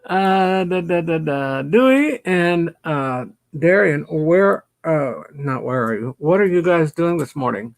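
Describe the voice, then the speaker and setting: Middle-aged male vlogger, slightly high gravelly voice, slow and rambling, self-mocking asides. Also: expressive. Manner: rambling, self-deprecating, mutters to himself. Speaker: YouTube channel host. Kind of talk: casual chat to camera. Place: home basement.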